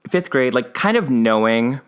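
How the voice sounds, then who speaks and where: A man's voice: unhurried, clear, resonant tone. A young man co-hosting a podcast, telling a personal story in casual chat and acting out his family's lines. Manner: animated storyteller who acts out family members' lines in a high, wavering voice. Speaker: podcast co-host.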